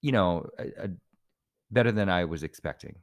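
A man's voice: low-pitched, animated, moderate pace, creaky, no echo. A man co-hosting a casual chat about films, rambling with lots of trivia and restarts. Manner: rambling, full of film trivia, many restarts. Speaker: podcast co-host.

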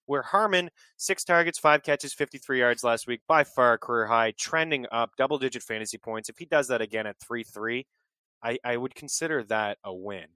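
Bright-voiced man breaking down fantasy picks. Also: mid-range voice, a little fast, clean tone, no echo. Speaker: fantasy football podcast co-host. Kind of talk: casual sports betting chat.

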